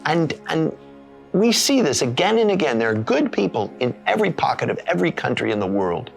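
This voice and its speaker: A man telling a personal story in an expressive way, with dramatic pauses. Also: a little high, creaky, soft background music.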